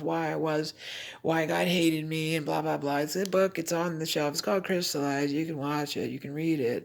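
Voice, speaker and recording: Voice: medium pitch, gravelly. A vlogger in a rambling, emotional personal monologue, laughing often and trailing off mid-thought.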